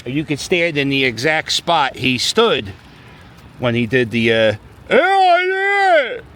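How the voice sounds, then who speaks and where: A middle-aged Philadelphia man with a medium-pitched, sharp-toned voice walks across a snowy city plaza at a measured pace. Holding a camera, he vlogs in a chatty, joking, rambling way, offering casual commentary as he goes.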